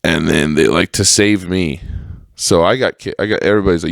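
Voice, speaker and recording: A man's voice: deep voice, moderate pace, creaky, dry recording, studio quality. A man hosting a podcast alone, telling old stories in a rambling, profane, casual way and mimicking other people's voices. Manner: profane, rambling, animated when quoting others. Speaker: podcast host. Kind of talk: casual storytelling monologue.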